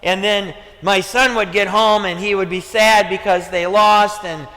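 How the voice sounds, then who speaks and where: Preaching in a church sanctuary, a male pastor with a Midwestern American accent speaks in a high, unhurried voice with fairly even intonation. He repeats "okay" and "listen" as he talks conversationally, and he pushes close to shouting when fired up, with the reverberant church hall audible around him.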